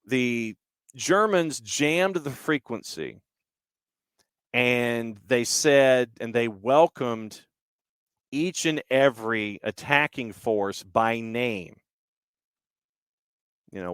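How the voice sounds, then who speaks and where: A man hosting a podcast, telling a story in an unhurried, conversational way with a few restarts. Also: medium pitch, a bit bright, clean tone, no room sound, clean studio sound. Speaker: podcast host.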